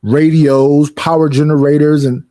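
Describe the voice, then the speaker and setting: Young man, high-pitched, dry close sound, profane animated streamer rant. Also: unhurried, no echo. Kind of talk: casual storytelling rant.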